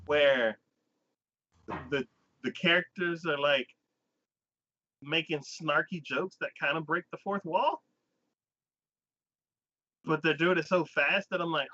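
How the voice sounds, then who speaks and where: A man's voice: fairly high pitch, pushed and bright. A man hosting an anime talk show, chatting casually and rambling through a plot recap with lots of "like" and restarts. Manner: rambling, heavy use of "like", quick restarts. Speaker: anime podcast host. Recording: dull, lo-fi sound.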